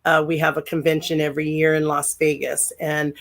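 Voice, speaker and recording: A middle-aged woman with a deep voice, chatting as an interview guest and telling stories with many fillers and restarts. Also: flat delivery, brisk. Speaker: guest, former pro wrestler. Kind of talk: casual interview chat.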